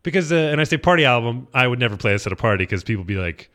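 Bright-voiced joking male radio host. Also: medium pitch, expressive, rapid-fire. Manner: joking, rambling with fillers. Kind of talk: casual on-air banter. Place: radio studio.

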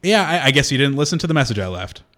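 Lively, playful male radio co-host. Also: mid-range voice, rapid-fire. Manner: lively, playful, self-mocking. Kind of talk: casual radio banter. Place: radio studio. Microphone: studio microphone.

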